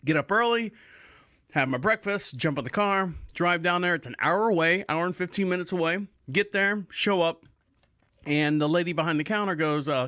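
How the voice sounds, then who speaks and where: Middle-aged podcast guy telling a story, kinda high bright voice, dry close sound. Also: moderate pace, no echo. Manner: animated, acts out voices of others in quotes. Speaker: podcast host. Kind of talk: casual storytelling monologue.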